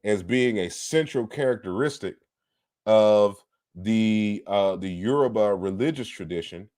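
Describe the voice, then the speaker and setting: A man's voice: on the low side, measured pace, a little mellow, no room sound, studio quality. A man giving an online lecture on word comparisons, explaining patiently and turning combative toward critics. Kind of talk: online lecture on historical linguistics.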